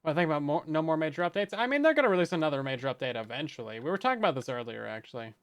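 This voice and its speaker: A man with a somewhat high, clear, smooth voice talks loosely through a live game stream. He jokes along with viewers and often doubles words as he restarts a thought. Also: sing-song, very fast. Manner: chatty, joking, often repeats words as he restarts. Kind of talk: casual live-stream chat while gaming.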